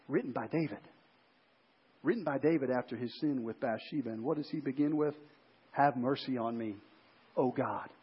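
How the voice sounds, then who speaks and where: A man's voice: fairly high pitch, slightly rough, dull audio. A man pastor preaching a sermon in a conversational way, often asking the congregation questions and restarting his sentences.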